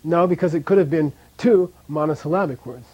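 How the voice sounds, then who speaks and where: A man with a fairly high, mellow voice teaches a language class at a fairly quick pace, patiently repeating sounds in drills and chuckling now and then. The recording's highs are cut off.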